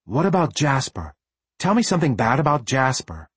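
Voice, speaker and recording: A man's voice: mid-range voice, sing-song, normal speed, husky, dry recording. A man narrating a storybook voices an earnest young schoolboy in a plain, understated way.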